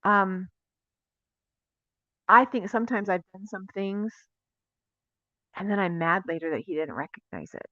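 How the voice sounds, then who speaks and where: Female teacher, mid pitch, conversational confessional sermon; dry, slightly dull recording. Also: lively intonation, unhurried, pauses often, a bit bright, no echo. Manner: conversational, confessional, asks the audience questions. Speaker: teacher of a Messianic Bible teaching.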